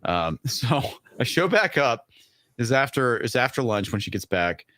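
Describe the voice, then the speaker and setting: A man appearing as a guest in a casual chat, telling relaxed anecdotes with many fillers. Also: medium pitch, measured pace, no room sound, clean studio sound.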